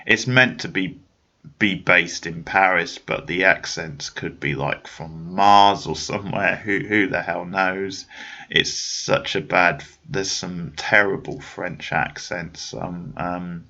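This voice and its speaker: A man's voice: low voice, steady tone, slow pace, vocal fry, sharp tone, lo-fi sound. A man hosting a podcast, chatting casually about a film in a rambling way, with many restarts and fillers. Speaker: podcast host. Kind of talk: casual film review chat.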